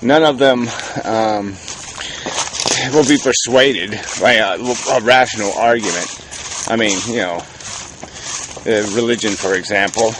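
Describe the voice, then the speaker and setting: A man rambling through a casual monologue, cynical and profane, halting with fillers and restarts. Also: lowish voice, background noise. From New England, United States. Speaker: video blogger.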